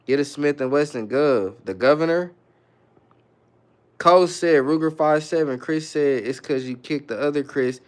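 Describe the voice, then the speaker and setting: A man's voice: a little high, normal speed. A man from the Bay Area hosting a livestream, reading viewer comments aloud in a loose, slangy, muttering way. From San Francisco Bay Area. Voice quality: laid-back, slangy, mutters asides. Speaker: livestream host.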